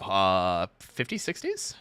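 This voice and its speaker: A man hosting a casual watch-along chat, excitedly explaining trivia with frequent restarts. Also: low voice, takes it slowly, clean tone, no room sound, studio quality.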